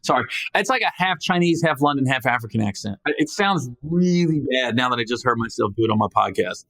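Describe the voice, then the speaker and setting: A man's voice: mid-range voice, animated, brisk, a bit bright, dry recording. A man hosting a podcast, talking alone in a casual, rambling way, joking at his own expense and often restarting his sentences. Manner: rambling, with frequent restarts and self-corrections; joking, self-deprecating. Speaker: podcast host. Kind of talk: casual solo monologue.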